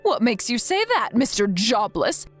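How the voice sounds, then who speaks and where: A woman's voice: on the high side, big pitch swings, a little slow, slightly rough, exaggerated voice. A woman reading the lines of a worried mother-in-law who scolds her son, in a scripted text-message story. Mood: scolding. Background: faint background music.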